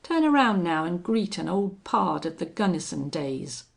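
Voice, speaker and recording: A calm, cold western gunman who speaks gently while threatening, as a woman narrator puts him on. The delivery is slow and gravelly, with a soft menace in it. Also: lowish voice, full character voice. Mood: coolly menacing. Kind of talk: audiobook reading.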